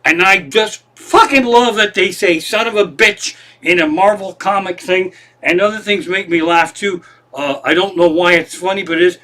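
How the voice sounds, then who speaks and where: A man's voice: sits high, pushed and bright. A man doing a comedic monologue from his living room, with a meandering, profane, self-deprecating manner. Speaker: comedian host.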